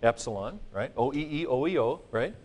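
A man's voice: mid-range voice, animated, moderate pace. A man teaching a seminary Greek grammar class, joking and chanting mnemonics for his students. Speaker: Greek professor.

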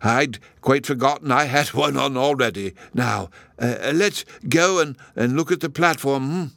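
A man voicing a kindly, excitable old male professor with a fussy, chirpy manner. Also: mid-range voice, unhurried, gravelly, no echo, voice pushed up. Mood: fussy, cheerful.

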